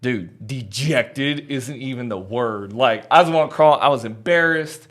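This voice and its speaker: A man sharing his life story as a podcast guest, earnest and candid, with a middle-pitched voice. He talks in a loose, chatty way full of fillers and asides. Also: measured pace, fairly bright tone. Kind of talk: personal testimony storytelling.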